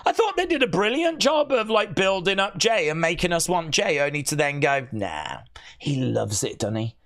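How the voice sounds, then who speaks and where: A man's voice: fairly high pitch, lively intonation, normal speed, fairly bright tone. A man hosting a live wrestling watch-along, reacting with theatrical mock despair and sarcasm, wailing and groaning. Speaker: wrestling live-stream host.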